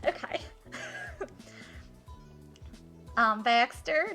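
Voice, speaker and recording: A woman's voice: high voice, lively intonation, moderate pace, bright, forceful tone, soft background music. A young woman streaming a game, chatting and reading aloud with a giggly, self-deprecating manner. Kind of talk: live-stream game playthrough with read-aloud.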